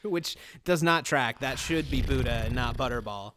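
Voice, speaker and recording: A man's voice: medium pitch, moderate pace, a bit bright, a little hiss or hum. A man co-hosting a podcast, sarcastically recapping a movie in a rambling way with lots of restarts. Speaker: podcast co-host. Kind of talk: casual movie recap chat.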